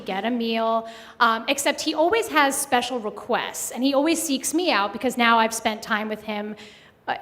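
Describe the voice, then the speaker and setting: A woman telling a personal story live at a story slam, conversational with many pauses and fillers. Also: a little high, a bit bright. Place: live event hall. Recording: long hall reverb.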